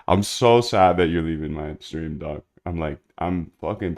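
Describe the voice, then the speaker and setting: A programmer on a live stream works through code in a very low, slightly mellow voice, loose and slangy. At a moderate pace with hardly any pauses, he mutters to himself and throws easygoing, rambling asides to his chat.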